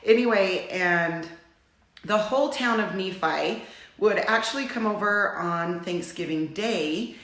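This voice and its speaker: A middle-aged woman from Utah hosting a casual livestream, chatting in a warm, rambling way and getting teary. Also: medium pitch, a little slow, echoey room. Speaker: livestream host.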